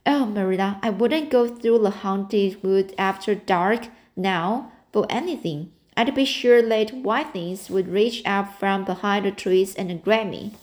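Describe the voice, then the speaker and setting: A woman's voice: medium pitch, measured pace, hardly any pauses, a little mellow, lightly acted. A woman reading the part of a dreamy, talkative orphan girl in an audiobook, in an earnest, romantic and breathless manner. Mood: frightened.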